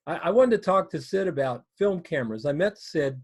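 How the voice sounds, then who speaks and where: A man's voice: a little high, animated, a little fast, breathy edge. A man hosting a casual chat over a video call, speaking hesitantly with many fillers. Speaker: host.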